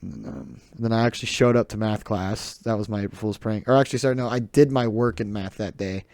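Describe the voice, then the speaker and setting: With a fast, steady delivery, a teen podcast host from the southern United States rambles solo, often laughing and ribbing himself. His lowish voice is a little mellow, recorded on a close desk mic with clean studio sound and no room noise.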